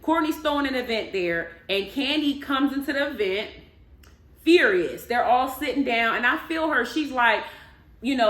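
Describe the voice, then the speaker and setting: A woman vlogger talks through a reality-show recap in a loose, chatty way, leaning hard on emphasis as she tells the story. Her voice sits a little high. The room around her echoes. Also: moderate pace, a bit bright. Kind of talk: casual spoken recap.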